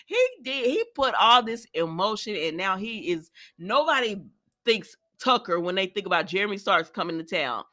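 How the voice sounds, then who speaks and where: At a normal speed and in a mid-range voice, this woman chats through soap opera episodes, talking directly to "y'all" with plenty of asides. She's talkative and lively, laughing as she performs the lines she quotes.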